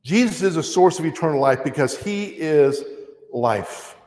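A man with a fairly high voice preaches a sermon, talking to his congregation like a conversation. He slows right down to press on key words. His voice rings through a church hall with a long, echoing reverb. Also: lively intonation, darkish tone. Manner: conversational preaching with slow emphatic stresses.

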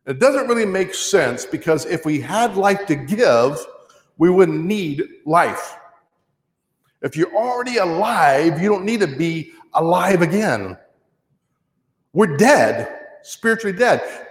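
Echoey preacher man, higher voice. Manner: conversational preaching with slow emphatic stresses. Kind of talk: sermon. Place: church. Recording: echoey church hall.

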